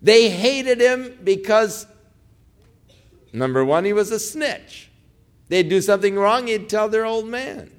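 A man's voice: high-pitched, lively intonation, slow pace, pauses often. A male preacher retelling a story in a sermon, conversational and emphatic.

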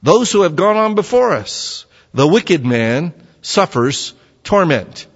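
A man's voice: on the high side, sing-song, slow, voice pushed up, heavily acted. A man voicing a smug, self-righteous older man who lectures and talks down to his listener. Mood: lecturing. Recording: dull sound with long hall reverb.

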